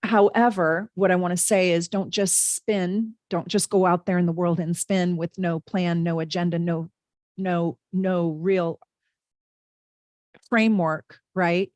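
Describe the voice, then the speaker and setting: A woman's voice: lowish voice, steady tone, measured pace, no echo, studio quality. A middle-aged woman hosting a casual live tarot and astrology reading from home, talking chattily to her viewers with plenty of fillers. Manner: chatty, warm asides to viewers, frequent fillers. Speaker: astrologer and tarot reader, livestream host.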